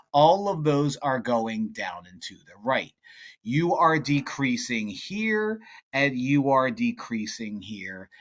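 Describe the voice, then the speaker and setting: A man's voice: medium pitch, a bit bright. A man teaching as a math tutor, talking through test problems in a chatty, playful way with jokey asides. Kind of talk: casual tutoring walkthrough.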